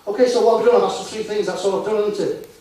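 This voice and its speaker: A man's voice: high-pitched, fairly even intonation, rapid-fire, dark tone. Man speaking in an echoey hall. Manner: conversational, asks the audience rhetorical questions. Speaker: conference speaker. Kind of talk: live talk to an audience. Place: conference hall. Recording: echoey hall, distant mic, faint noise.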